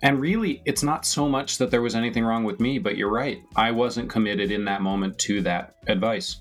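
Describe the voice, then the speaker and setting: A man's voice: on the low side, moderate pace, soft background music. A man hosting a podcast interview, candid and enthusiastic in casual chat. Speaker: podcast host.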